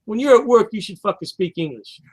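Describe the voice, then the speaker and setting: A man's voice: high voice, expressive, a little fast, slightly rough. A man in his fifties co-hosting a podcast, ranting heatedly and swearing constantly. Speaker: podcast co-host. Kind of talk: casual profane chat.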